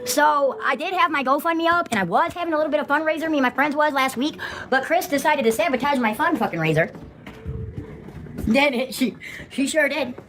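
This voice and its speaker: A woman's voice: high voice, animated, a little fast, a bit bright. A woman ranting on a live stream, profane, indignant and repeating herself. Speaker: livestreamer.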